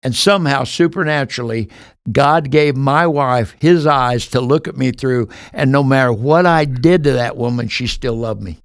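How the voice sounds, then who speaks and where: A man's voice: mid-range voice, moderate pace, clear, resonant tone, no room sound, studio quality. A man in his sixties, a podcast guest telling his life story earnestly, acting out the dialogue he recounts.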